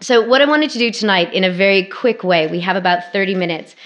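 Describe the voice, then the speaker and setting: A woman around forty, an academic guest speaker, giving a public lecture to alumni with wry, self-deprecating humor in a brisk, conversational way. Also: mid-range voice, animated. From Canada.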